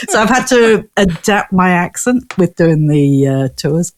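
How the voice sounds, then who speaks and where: A chatty woman from Newcastle, England, guests in a casual interview, speaking slowly at medium pitch over a noisy crowd. She owns a ghost tour, has a northern English accent, laughs a lot and rambles through her stories.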